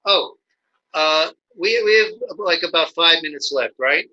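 The audio is poor, but the man's fairly high, bright voice comes through with a forceful tone. He's an interview guest who teaches nonviolent communication, speaking haltingly with frequent restarts and acting out quoted examples.

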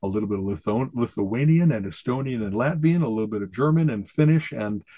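A man co-hosting a podcast, chatting casually in an animated, jokey way and often asking "you know what I mean?". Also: medium pitch, fast talker, no echo. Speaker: podcast co-host. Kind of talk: casual chat.

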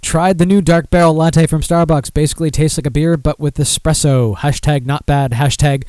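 A man's voice: a little high, fairly even intonation, normal speed, a little mellow, clean tone, dry recording. A young adult man hosting a casual beer podcast, rambling and swearing, with lots of fillers as he reads news stories aloud. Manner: rambling, profane, self-deprecating, many fillers. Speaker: podcast host.

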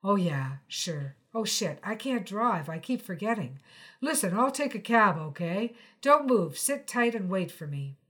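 A woman's voice: mid-range voice, very animated, a little slow. A woman reading the part of a young male musician, defensive and earnest, speaking emphatically. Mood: insistent. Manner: louder, emphatic and pleading.

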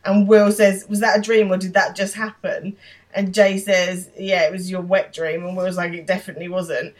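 A woman's voice: medium pitch, level tone. A woman with a mid-range voice casually narrates a TV episode's plot on a podcast. She strings the quoted dialogue together one line after another. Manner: narrates plot quickly, quoting lines, with laughs. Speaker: podcast co-host. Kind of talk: casual recap chat.

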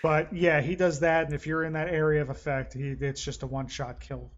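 A man's voice: a little high, fairly quick, muffled recording. A man co-hosting a gaming podcast, chatting casually and rambling with some swearing. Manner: rambling, profane, excitable. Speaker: podcast co-host. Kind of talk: casual chat.

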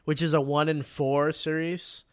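A man with a fairly high voice tells a story in casual chat. He is animated, swears freely, and jumps into the characters' lines. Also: a little slow, clear, resonant tone.

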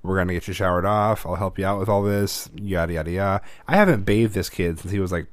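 A man's voice: low-pitched, fast talker, no room sound. A man telling a family story in casual chat, rambling and repeating words as he goes. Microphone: microphone.

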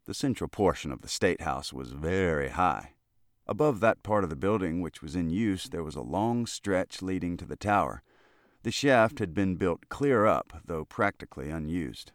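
Male narrator reading a classic short story, very low voice, dry close sound. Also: no echo. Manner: steady, measured storytelling. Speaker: audiobook narrator.

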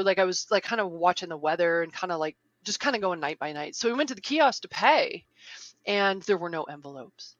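A woman telling a casual story as an interview guest, chatty and quick to laugh, with lots of "like" and "um" fillers. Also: lowish voice, fairly bright tone, no room sound, lo-fi sound.

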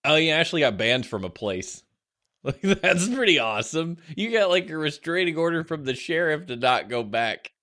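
Young male podcast co-host, lively intonation, casual and jokey. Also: on the high side, moderate pace. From Florida. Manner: animated, laughs often, acts out quotes.

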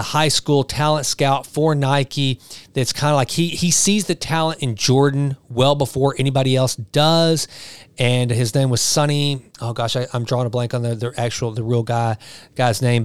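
A man's voice: medium pitch, smooth, dry recording. Rambling enthusiastic man in his forties. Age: 40s. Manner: rambling, enthusiastic, many restarts. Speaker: vlogger. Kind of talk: casual monologue.

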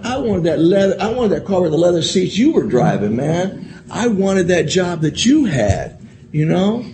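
Here a man speaks to a convention audience about his personal recovery, candidly and profanely, talking straight at them and repeating phrases to stress them. At times he's emotional. His pitch is fairly high, and there's background noise.

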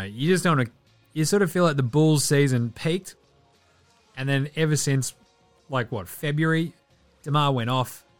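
A young man hosting a solo basketball podcast, talking in a profane, sarcastic, animated way. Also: medium pitch. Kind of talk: solo sports commentary podcast.

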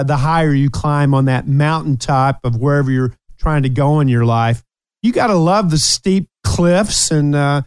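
Upbeat man in his sixties, crisp voice. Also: fairly high pitch, no room sound. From United States. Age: 60s. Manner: upbeat, teasing. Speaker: host. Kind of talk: casual chat.

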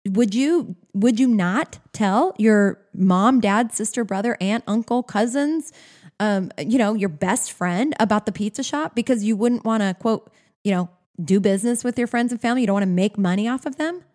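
A woman in her forties giving an enthusiastic, animated motivational talk on business, speaking straight to the listener. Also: medium pitch, moderate pace. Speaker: business coach.

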